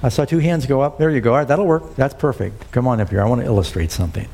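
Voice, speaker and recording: A man's voice: mid-range voice, quick pace, mellow, slight background noise. A man preaching a sermon to a church congregation, quoting scripture and asking the crowd "Amen?". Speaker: pastor.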